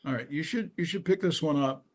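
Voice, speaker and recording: A man's voice: a little high, brisk. An older male musician in a casual interview, telling rambling stories with frequent restarts and asides. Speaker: musician guest.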